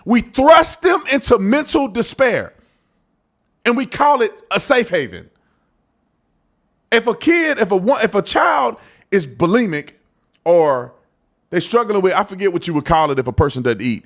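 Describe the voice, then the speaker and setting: A man's voice: sits high, very animated, normal speed. A man hosting an opinion podcast, talking in a preachy, colloquial way and often mocking others in put-on voices. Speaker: podcast host. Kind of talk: opinion commentary.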